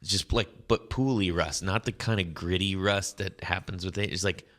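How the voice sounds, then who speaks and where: A man with a very low voice co-hosting a casual guitar podcast. He rambles in a halting way, often restarting his sentences and laughing as he talks. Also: fairly bright tone. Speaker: podcast co-host. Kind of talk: casual chat.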